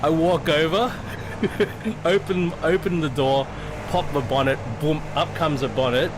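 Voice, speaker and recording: A man's voice: on the high side, unhurried. A middle-aged Australian man telling a story in casual chat as a sim racing streamer, swearing freely and restarting his sentences often. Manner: profane, rambling, with frequent restarts. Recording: noticeable background noise.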